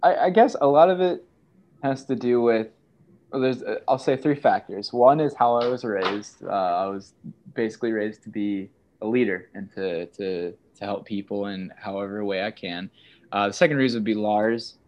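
A young man in his twenties, a student guest in a casual chat, telling stories with animated put-on voices for quotes. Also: lowish voice, moderate pace. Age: 20s.

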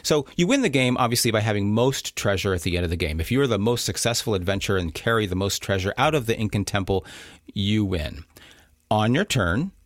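A man's voice: on the low side, lively intonation, a little fast, no echo, studio quality. A man co-hosting a podcast, explaining a board game in casual chat and chuckling at his own slips. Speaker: podcast co-host.

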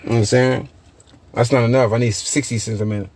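A young man, a podcast host telling profane, animated stories with loose repetitions. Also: mid-range voice, quick pace. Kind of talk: casual chat.

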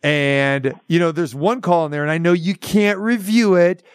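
Brief: male sports radio host, high pitch, animated ranting, dry close mic. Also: moderate pace, clear, resonant tone, no echo. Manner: animated ranting, acts out quotes.

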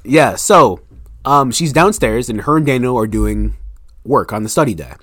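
A man's voice: mid-range voice, expressive, normal speed, fairly bright tone, no echo, clean studio sound. A young man, a book's author, chatting casually as a podcast guest and acting out scenes from his story.

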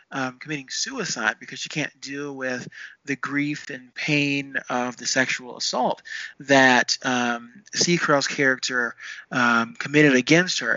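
A man co-hosting a casual podcast chat reviewing a TV series, animated and quick to laugh. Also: mid-range voice, no room sound. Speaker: podcast co-host. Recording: dull lo-fi sound.

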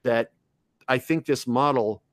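A man, a voice actor, talking casually as a podcast guest, enthusiastic and dropping into quick character voices. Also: mid-range voice, dry recording. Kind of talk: casual chat.

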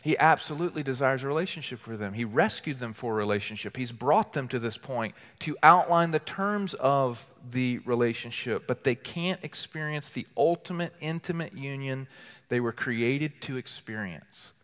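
A man preaching a sermon as teaching pastor, earnest and deliberate, building emphasis through repeated phrases and reading scripture aloud slowly. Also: medium pitch, lively intonation, fairly bright tone. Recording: long hall reverb.

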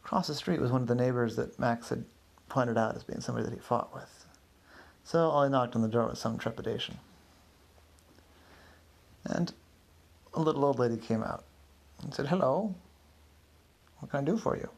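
Gravelly man improvising a story. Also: medium pitch, normal speed, long pauses. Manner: loose, hesitant, self-correcting.

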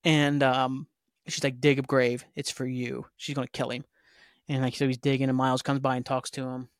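A man's voice: medium pitch, little pitch movement, normal speed, dry recording, clean studio sound. A man hosting a podcast, recapping a TV episode in a rambling, casual way full of fillers and the odd swear word. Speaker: podcast host.

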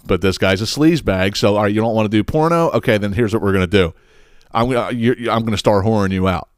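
A man hosting his own podcast, telling a story in a casual, profane and animated way, acting out the quotes. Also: on the low side, quick pace, clear, resonant tone, dry recording, studio quality. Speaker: podcast host.

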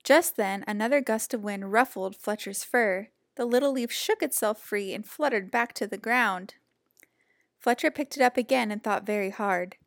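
A woman reads a children's picture book aloud with a gentle, expressive storytelling voice. Her pitch is medium and her pace moderate, captured in clean studio sound without echo.

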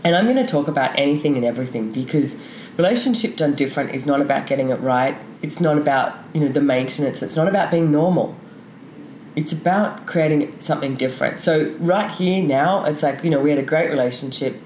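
Low-voiced woman speaking frankly in an echoey room. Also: a little fast, darkish tone. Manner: open, frank, rambling with many fillers. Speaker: podcast guest. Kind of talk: candid conversational interview. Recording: echoey room with faint noise.

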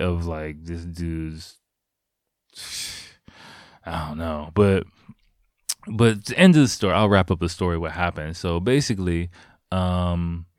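Deep-voiced man telling a rambling story. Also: no room sound, clean studio sound. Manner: rambling and profane, full of "like" and "you know". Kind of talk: casual storytelling.

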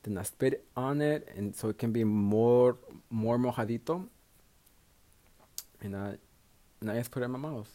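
A young man hosts his own podcast and tells stories in a loose, profane way. He, slips phrases in and out, and laughs at his own jokes. His voice sits at an ordinary male pitch. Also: moderate pace, long pauses, warm tone. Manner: profane, chatty, switches into Spanish phrases. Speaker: podcast host. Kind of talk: casual solo storytelling.

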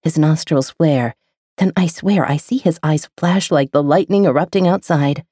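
Female audiobook narrator, low and mellow, intimate expressive read. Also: normal speed, breathy edge, no room sound, studio quality. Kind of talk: first-person romance narration.

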